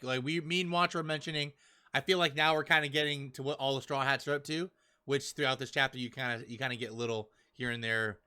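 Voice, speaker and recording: A man hosting a casual podcast, excitedly recapping a comic chapter and acting out the characters' lines in quick bits, with frequent laughs. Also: a little high. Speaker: podcast host reviewing a manga chapter.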